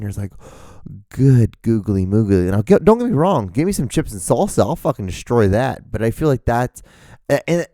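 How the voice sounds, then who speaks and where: This solo podcast host has a warm, mid-range voice captured with studio clarity and no echo. Indoors with rain outside, wearing earphones at the microphone, he rambles casually, curses, and pokes fun at himself.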